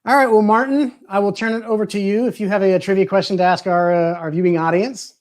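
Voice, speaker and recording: A man's voice: high voice, steady tone, fast. A man hosting a live stream over a video call, chatting casually, joking and laughing often. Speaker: livestream host.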